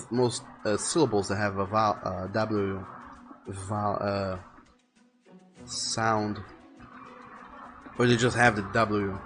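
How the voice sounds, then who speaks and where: A man with a lowish, slightly bright voice thinks aloud while drawing on a live stream, rambling casually and often repeating words. There's faint music in the background.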